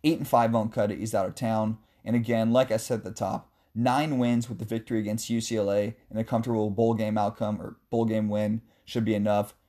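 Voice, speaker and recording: Chatty man with a mellow voice. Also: on the low side, a little fast, few pauses. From West Coast of the US. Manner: chatty, joking, animated asides. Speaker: sports podcast host answering listener questions. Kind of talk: casual sports talk.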